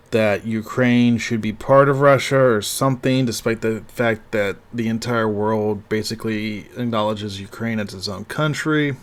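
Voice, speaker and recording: A man hosting a casual coffee podcast, giving his loose, unscripted opinions with dry sarcasm and frequent pauses. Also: mid-range voice. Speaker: podcast host.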